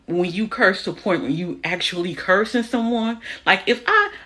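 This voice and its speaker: A woman's voice: mid-range voice, moderate pace, sharp tone. A woman giving a preachy spiritual monologue on a phone livestream, emphatic and repetitive, frank and swearing casually, sometimes scolding an imagined person directly. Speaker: spiritual content creator.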